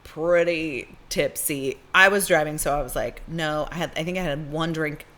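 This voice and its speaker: Woman podcast cohost, lowish voice, chatty and animated storytelling. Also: moderate pace. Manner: animated, acts out voices in her stories. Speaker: podcast co-host. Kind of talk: casual storytelling chat.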